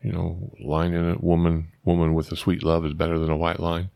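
A man's voice: low voice, monotone, brisk, creaky, darkish tone, no room sound, clean studio sound. A middle-aged man hosting a storytelling podcast, rambling through digressions and addressing listeners as folks. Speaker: podcast host.

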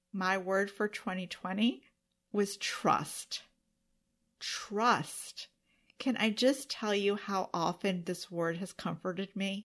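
A woman hosting her own podcast alone, talking earnestly and emotionally to her listeners. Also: medium pitch. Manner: emotional, earnest, tearful at times. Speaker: podcast host. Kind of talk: solo podcast monologue.

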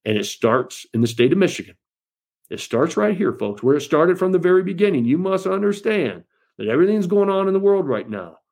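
A man's voice: high voice, very animated, a little fast, darkish tone. A man giving an impassioned political speech to supporters, rousing and repeatedly calling them folks. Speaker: political speaker.

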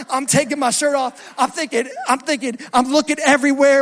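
High-voiced animated male preacher. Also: normal speed, few pauses. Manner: animated, acts out scenes, loud bursts of laughter. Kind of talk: sermon with comic storytelling.

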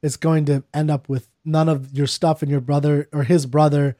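Animated joking man, fairly high voice. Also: normal speed, no room sound, clean studio sound. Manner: animated, joking, lots of fillers. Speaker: podcast co-host. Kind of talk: casual chat.

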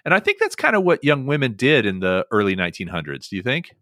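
Brief: male podcast host, bright and lively, fillers and restarts, dry close mic. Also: mid-range voice, quick pace, dry recording. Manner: animated storytelling with many fillers. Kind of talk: casual chat podcast.

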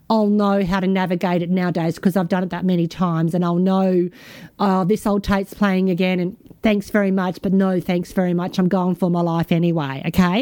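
A woman's voice: medium pitch, darkish tone, dry recording, clean studio sound. A middle-aged woman hosting a podcast, talking frankly in a casual motivational monologue, swearing freely and repeating words for emphasis. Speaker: podcast host.

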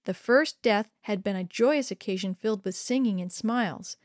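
Dry, expressive woman storyteller. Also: medium pitch, moderate pace, no echo. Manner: expressive, dramatic reading that lifts sharply for quoted shouts. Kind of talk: scripted first-person story reading.

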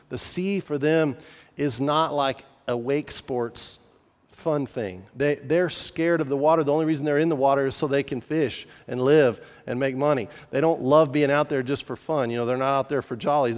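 A man preaching a sermon as a pastor in a conversational way, with restarts and casual asides. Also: medium pitch. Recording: long reverb of a large hall.

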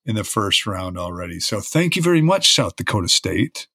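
A man's voice: fairly low pitch, very animated, normal speed, pushed and bright, dry recording, clean studio sound. A man co-hosting a podcast, chatty and teasing as he riffs on holidays and sports. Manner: teasing, chatty, talks through sports trivia. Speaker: podcast co-host. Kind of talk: casual podcast chat.

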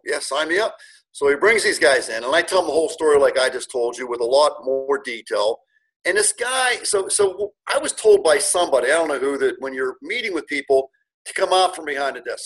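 A middle-aged man recounts his story in a relaxed interview, speaking with earnest, animated feeling and often restarting his sentences. His voice sits a bit higher than most men's and has a husky edge. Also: rough recording. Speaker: guest, car dealership owner.

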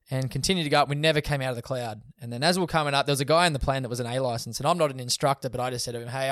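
A man's voice: mid-range voice, no room sound, clean studio sound. Laid-back man telling stories. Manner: laid-back, swears often, laughs through stories. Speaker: guest. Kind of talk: casual storytelling in a podcast chat.

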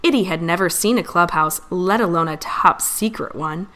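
A woman reading a children's storybook aloud in an expressive, animated way. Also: on the low side, normal speed.

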